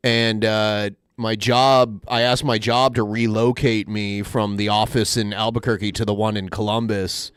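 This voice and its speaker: A man hosting a podcast, chatting casually in a rambling, halting way with many restarts. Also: fairly low pitch, little pitch movement, fairly bright tone, clean tone, dry recording, clean studio sound. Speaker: podcast host. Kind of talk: casual chat.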